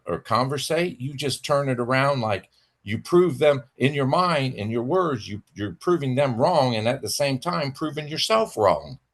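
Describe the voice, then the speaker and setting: A man's voice: mid-range voice, a bit bright. A man on a livestream, ranting angrily and sarcastically at a rival, swearing freely and mocking him. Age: adult with children. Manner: profane, heated, sarcastic. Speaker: livestream host. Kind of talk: angry rant to a rival.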